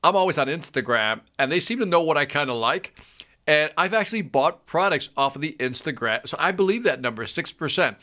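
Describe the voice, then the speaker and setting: A man's voice: fairly high pitch, expressive, a little fast, bright, forceful tone. Eager man talking shop. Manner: enthusiastic, repeats his words, reads out statistics. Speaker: co-host. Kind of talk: casual chat.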